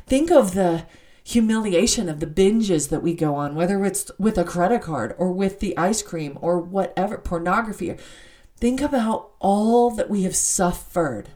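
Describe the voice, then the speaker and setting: A woman's voice: on the low side, darkish tone. A woman hosting a devotional podcast, talking earnestly and from the heart. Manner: earnest and heartfelt, with many "I mean" asides. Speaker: podcast host.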